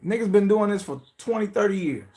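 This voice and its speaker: A man's voice: high voice, expressive, brisk, a little mellow. A man hosting a podcast, talking in a casual, profane monologue that swings between mocking pleading voices and blunt asides. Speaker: podcast host.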